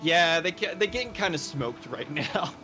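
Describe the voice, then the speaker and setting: A man's voice: fairly high pitch, expressive, moderate pace, bright, forceful tone. A man hosting a live gaming stream, chatting casually and rambling with frequent laughs. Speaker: streamer host. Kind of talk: casual chat while gaming. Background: music.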